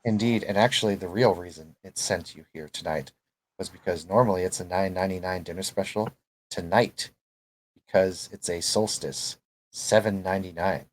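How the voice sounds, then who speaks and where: A man narrating as game master of a tabletop role-playing game, relaxed and easygoing. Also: low-pitched, normal speed.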